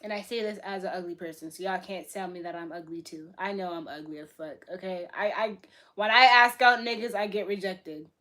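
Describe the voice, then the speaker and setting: A young woman from Boston chatting casually on a livestream, answering her chat in a blunt, profane way that swings between loud bursts and soft asides. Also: medium pitch, fairly quick. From Boston, USA. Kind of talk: casual live-stream chat.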